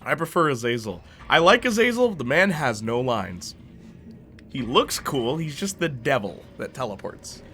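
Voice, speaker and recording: A man's voice: mid-range voice, big pitch swings, normal speed, bright, forceful tone, a little hiss or hum. A young man chatting casually as a streamer while reacting to a movie, rambling and slangy, laughing often.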